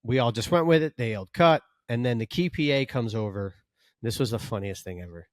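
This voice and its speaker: A man co-hosting a podcast about stunt work, telling set stories in a casual, animated way, acting out what people said and swearing freely. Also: mid-range voice, brisk, no echo, clean studio sound. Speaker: podcast co-host, stunt performer. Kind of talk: casual storytelling chat.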